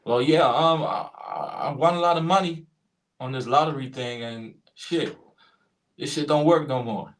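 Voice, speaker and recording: A man voicing an annoyed American lottery winner who thinks he was robbed, in rough slangy talk. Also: mid-range voice, normal speed, natural voice. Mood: aggrieved.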